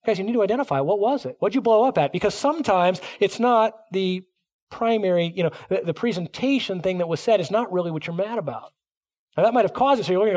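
A middle-aged man preaching a sermon, animated, acting out quoted voices as he teaches. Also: sits high, fast. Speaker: pastor.

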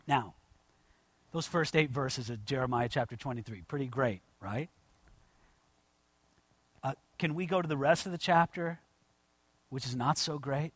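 A man preaching a sermon. He calls his listeners "friends" and swings from quiet asides to loud, slowed-down declarations. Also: medium pitch, no echo. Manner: emphatic, addresses the congregation as "friends". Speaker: pastor.

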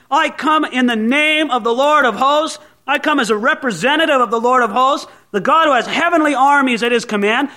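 A preacher voicing the young David as a bold teenage boy, shouting his defiance. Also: exaggerated voice. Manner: shouting, voice cracking high.

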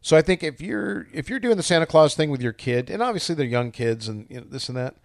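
A man's voice: on the high side, animated, fast, creaky, no room sound, clean studio sound. A man co-hosting a casual podcast, a pastor with a wry, teasing humor.

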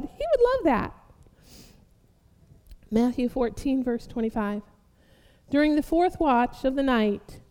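Woman, pastor, sermon, slow measured pace, long hall echo. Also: high-pitched, clean tone. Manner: preaching, building to loud fervent exhortation; addresses listeners as beloved.

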